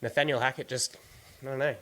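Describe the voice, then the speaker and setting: A man's voice: mid-range voice, fairly even intonation, fast talker, a bit bright. A man with an Australian accent hosting a casual sports podcast, running through team news in an easygoing way. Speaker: podcast host.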